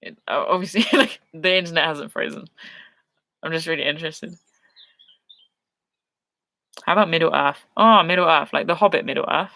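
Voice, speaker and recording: A woman's voice: low-pitched, quick pace, gravelly, bright, forceful tone, no echo. A young woman hosting a casual live stream, reading viewer questions and chatting with frequent laughs. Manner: chatty, self-deprecating, laughs often.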